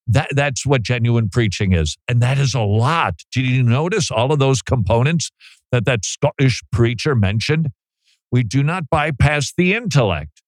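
A man's voice: mid-range voice, animated, normal speed, no echo, clean studio sound. A man hosting a talk radio show, chatting casually with joking, self-deprecating asides.

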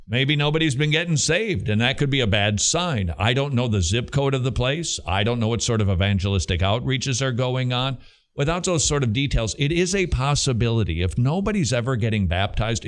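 A middle-aged man with a Southern American accent, hosting a Christian question-and-answer radio show with an emphatic, preacherly delivery. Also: mid-range voice.

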